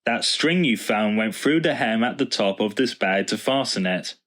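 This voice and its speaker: A man's voice: fairly low pitch, animated, moderate pace. A man reading a patient, thoughtful father. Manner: warm, thoughtful and explaining. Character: kind, patient father and vicar. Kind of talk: storybook reading.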